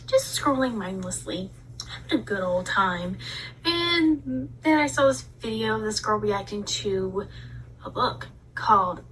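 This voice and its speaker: A woman vlogger ranting in a casual, animated way, telling a story with dramatic asides. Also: mid-range voice, measured pace, recorded from a distance, slight background noise, rough recording. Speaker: book reviewer vlogger. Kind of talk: casual rant.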